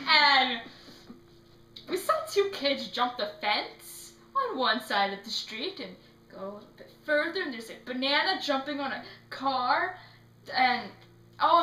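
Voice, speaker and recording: A teenage girl answering interview questions in a casual, animated way, acting out little scenes as she talks. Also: sits high. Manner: animated, acts out quotes in put-on voices. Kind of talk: casual chat. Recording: echoey room.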